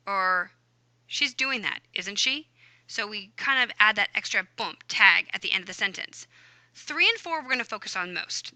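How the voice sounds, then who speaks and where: Bright, chatty woman teacher. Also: on the high side, no echo. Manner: chatty, upbeat, many "okay"s and "um"s. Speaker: Spanish teacher. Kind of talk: recorded grammar lesson. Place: voice-over for lesson slides.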